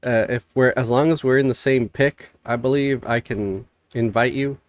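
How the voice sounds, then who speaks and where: Slightly congested from a cold, this male live streamer plays a game while rambling casually and reading chat out loud. He speaks at normal speed in a mid-range voice, with no echo.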